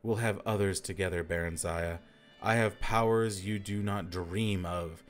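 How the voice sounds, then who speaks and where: A man's voice: deep voice, fairly even intonation, a little slow. A man reading the part of a scheming male emperor, coaxing and mocking.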